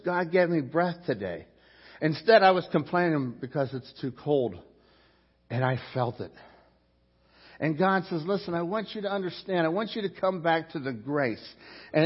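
A man's voice: fairly high pitch, muffled recording. A middle-aged male pastor preaching a conversational sermon, full of rhetorical questions and restarts.

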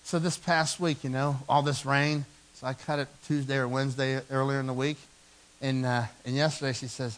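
A man in his forties preaching a sermon in a church, telling stories with animated, self-mocking humor. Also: medium pitch, brisk, low-quality recording. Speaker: pastor. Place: church sanctuary.

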